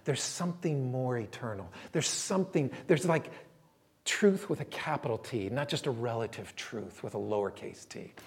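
A man's voice: medium pitch, expressive, normal speed. A man preaching a sermon as a pastor, conversational and storytelling, voicing quotes from people he talks about.

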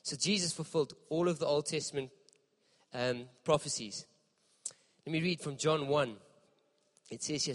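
A man preaching a sermon in a church, impassioned and emphatic, with dramatic pauses. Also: fairly high pitch, long reverb tail. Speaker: pastor.

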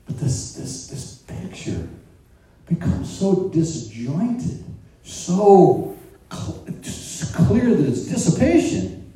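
A man preaching a sermon, animated and conversational, asking the congregation questions and joking along the way. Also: fairly high pitch, slow pace. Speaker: pastor. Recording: roomy echo, distant mic.

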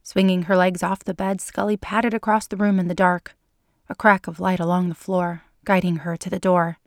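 A woman narrating a fan fiction story in an even, measured reading. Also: on the low side, dry recording, studio quality.

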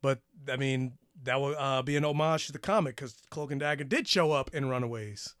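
A man's voice: medium pitch, fairly quick, fairly bright tone, smooth, no echo, clean studio sound. A man co-hosting a casual TV review podcast, rambling and restarting his sentences, with casual swearing. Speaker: podcast co-host.

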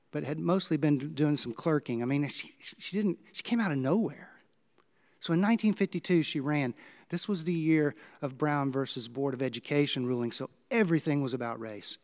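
A male pastor, preaching a sermon and telling stories with dramatic swings in pitch and volume.

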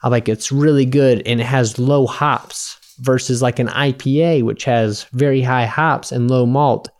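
A man's voice: mid-range voice, steady tone, unhurried. Man, casual drunken chat, profane, rambling, resonant voice. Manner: rambling, profane storyteller acting out bar dialogue.

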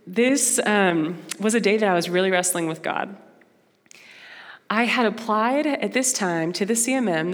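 A young woman giving a personal testimony talk to a Christian audience in an earnest, conversational, expressive way. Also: medium pitch. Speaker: Christian speaker. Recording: long hall reverb.

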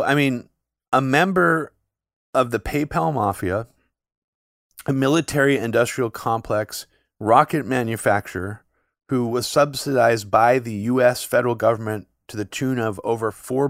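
A man's voice: medium pitch, fairly bright tone, no echo, studio quality. A man co-hosting a political podcast, talking at length with a sarcastic edge in long, run-on sentences. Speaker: podcast co-host. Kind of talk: casual political podcast chat.

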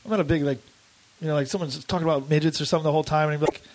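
A man's voice: fairly high pitch, fairly even intonation, racing, background noise. A man chatting casually as a podcast guest, rambling with many fillers and acting out quotes in voices. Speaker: comedian guest.

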